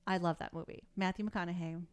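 A woman co-hosting a podcast in casual chat, an animated storyteller who rambles with many fillers. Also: on the low side, fast, smooth. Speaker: podcast co-host.

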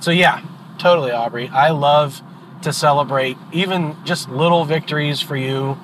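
A man's voice: fairly high pitch, moderate pace, a bit bright, poor audio. A middle-aged man hosting a podcast with his daughter, chatting earnestly and rambling through stories while driving. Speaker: podcast host and father. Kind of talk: casual chat in a car. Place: in a moving car. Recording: road noise from the car.

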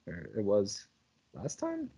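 A man's voice: lowish voice, wildly swooping pitch, slow, mellow, husky. A man co-hosting a podcast in casual chat, laughing often and retelling scenes with animation. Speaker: podcast co-host.

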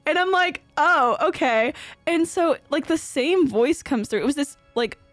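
A woman's voice: sits high, animated, normal speed, no room sound, faint music behind. Chatty young woman telling a ghost story. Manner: rambling, laughs often, many "like" fillers. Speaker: podcast co-host. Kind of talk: casual chat, storytelling.

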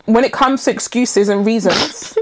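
A woman's voice: on the high side, normal speed, a little hiss or hum. A woman co-hosting a podcast, chatting casually with sarcastic, incredulous remarks. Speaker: podcast co-host. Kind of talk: casual chat.

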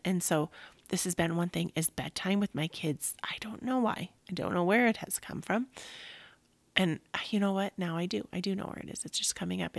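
A woman in her thirties hosting a reflective self-help talk, full of "like" fillers, who calls her listeners sisters and often drops into a soft whisper. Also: lowish voice, creaky, no room sound. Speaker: podcast host.

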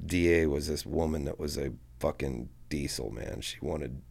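Deep, gravelly male guest, profane and rambling, casual storyteller. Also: moderate pace, a little mellow. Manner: profane, rambling anecdote-telling. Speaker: guest musician.

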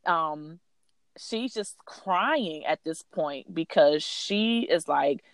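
Lively, swearing woman telling a story. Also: deep voice, very slow, no echo, studio quality. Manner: animated, profane, heavy on fillers. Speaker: podcast co-host. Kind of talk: casual storytelling chat.

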